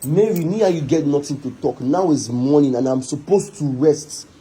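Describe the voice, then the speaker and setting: A man's voice: fairly high pitch, lively intonation, moderate pace, dark tone, slightly rough, poor audio. A man with a Nigerian accent giving a heated online rant, scolding and exasperated, repeating himself again and again.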